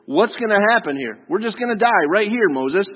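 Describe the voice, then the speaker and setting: A man's voice: sits high, lively intonation, fairly quick, breathy edge, big-room sound, voice pushed up. A man voicing a grumbling crowd bitterly accusing their leader. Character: angry grumbling crowd of former slaves. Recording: dull lo-fi recording.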